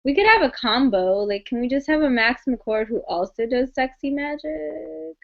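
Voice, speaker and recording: A woman's voice: sits high, animated, normal speed, vocal fry. A young woman in a casual book club chat, rambling with lots of filler "like"s. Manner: chatty, many filler "like"s. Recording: dull lo-fi webcam audio.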